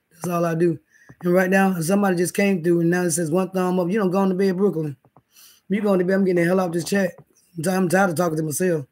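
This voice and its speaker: High-voiced rambling male livestreamer. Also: darkish tone. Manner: rambling, profane, talks straight to the chat. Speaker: livestream host. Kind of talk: casual livestream chat. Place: indoors, in bed.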